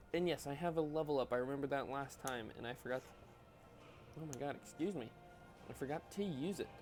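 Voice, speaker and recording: A man's voice: mid-range voice, a little mellow, a little hiss or hum. A man doing a casual, rambling voiceover over his own gameplay, chatting and poking fun at his own choices. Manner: rambling, self-mocking, chatty. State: yawning, tired. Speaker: gaming channel host.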